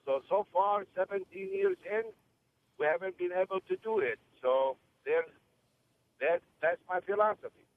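A man's voice: high voice, moderate pace, no echo. A man with a New York accent calling in to a sports radio show and talking in a rambling, chatty way. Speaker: caller. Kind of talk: call-in radio chat. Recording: tinny phone line with faint noise.

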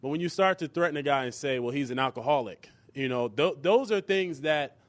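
A man's voice: on the high side, fairly quick. A man co-hosting a sports talk show, talking in a loose, conversational way with frequent restarts. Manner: conversational, restarts a lot, lots of fillers like 'you know'.

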